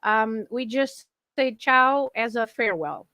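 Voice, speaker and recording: A woman's voice: fairly high pitch, animated, unhurried, sharp tone, dry recording. A woman with a Portuguese accent who explains language points patiently in a casual live chat and often laughs.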